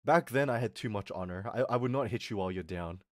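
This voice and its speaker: A young man telling a story on his stream, swearing a lot and swinging between mutters and yells. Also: fairly low pitch, fast talker, no echo, clean studio sound. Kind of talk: casual storytelling rant on a live stream.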